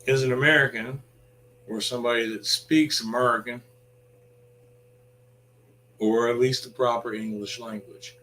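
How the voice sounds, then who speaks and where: A man's voice: mid-range voice, steady tone, measured pace, long pauses, bright, forceful tone, poor audio. A man ranting in a blunt, sarcastic vlog monologue, swearing freely. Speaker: vlogger.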